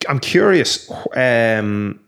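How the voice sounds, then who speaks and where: A man's voice: mid-range voice, expressive, very slow, vocal fry, clean tone. A man co-hosting a podcast in casual sports chat, rambling and swearing with lots of fillers. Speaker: podcast co-host.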